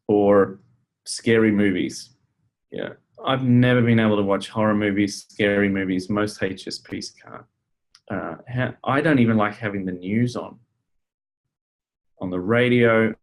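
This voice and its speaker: Man teaching a casual webinar. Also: on the low side. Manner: conversational, with frequent fillers and restarts. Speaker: counselor and webinar presenter.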